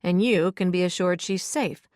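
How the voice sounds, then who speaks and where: A woman voicing a calm, reasonable male executive with a measured, wry way of talking. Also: fairly low pitch, no room sound, clean studio sound, lightly acted. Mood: reasoning.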